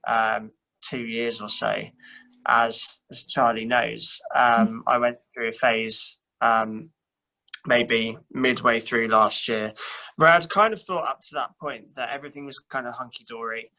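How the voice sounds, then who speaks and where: A man's voice: mid-range voice, fairly even intonation, measured pace, bright, forceful tone, rough recording. A young man, a church youth worker, chatting casually and self-deprecatingly, with many fillers and restarts. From England. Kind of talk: casual chat.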